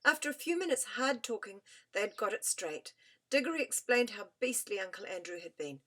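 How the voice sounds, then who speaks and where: A woman reading a children's story aloud as an audiobook narrator, gentle and expressive. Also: medium pitch, brisk.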